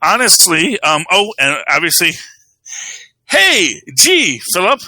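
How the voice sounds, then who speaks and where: A man's voice: high voice, sing-song, slow pace, bright, forceful tone, no echo, rough recording. A man co-hosting a podcast, talking comics in a rambling, casual way full of "you know" and "um". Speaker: podcast co-host. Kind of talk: casual chat about comics.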